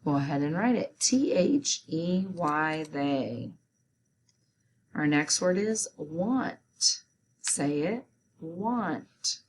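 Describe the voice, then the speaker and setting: A woman's voice: sits low, lively intonation, very slow, long pauses, slight background noise. A woman teaching a spelling lesson, carefully sounding out words letter by letter and syllable by syllable.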